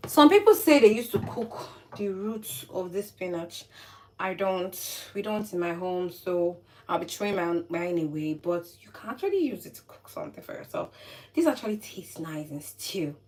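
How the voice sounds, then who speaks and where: A woman's voice: fairly low pitch, sing-song, moderate pace, a little mellow. Chatty Nigerian woman, tired, mic at a distance. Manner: chatty, earnest, advice-giving, wordy and repetitive. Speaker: cooking vlogger. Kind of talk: casual chat while chopping vegetables. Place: home kitchen. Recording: distant mic, faint background noise.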